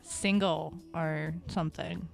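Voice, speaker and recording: A woman's voice: low-pitched, fairly even intonation, slow pace, gravelly. A young woman co-hosting a casual podcast, chatting and introducing songs with a jokey, giggly manner. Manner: giggly, jokey, breaks into laughter. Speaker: podcast co-host. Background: faint music.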